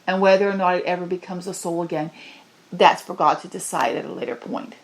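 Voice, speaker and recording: A woman delivering a channeled spiritual message, pleading with passion and moving from low murmurs to high cries. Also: steady tone, a little fast.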